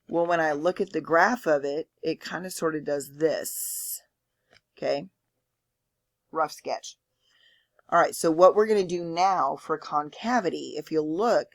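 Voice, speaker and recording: A woman teaching a math lecture, explaining step by step and often checking in with "okay?". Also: deep voice. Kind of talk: lecture with board work.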